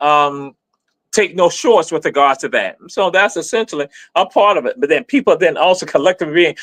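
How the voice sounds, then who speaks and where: Man, slightly high voice, teacherly and repetitive, spells terms aloud, dry close sound. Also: fairly bright tone, no echo. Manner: repetitive, spells words out letter by letter; emphatic, teacherly. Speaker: live stream speaker. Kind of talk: explanatory live stream talk.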